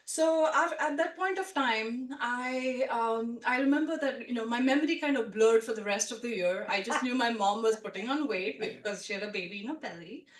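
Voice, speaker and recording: A woman's voice: on the high side, moderate pace, hardly any pauses. Chatty woman storyteller in a roomy hall. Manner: chatty and animated, full of "like" and "you know". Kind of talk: personal storytelling at a live story swap. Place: storytelling event room with a live audience. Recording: roomy sound from a distant mic.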